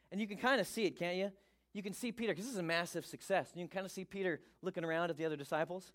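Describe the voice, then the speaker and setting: A male pastor giving a sermon, reading scripture and joking with the congregation in a lively way. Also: high-pitched, rapid-fire.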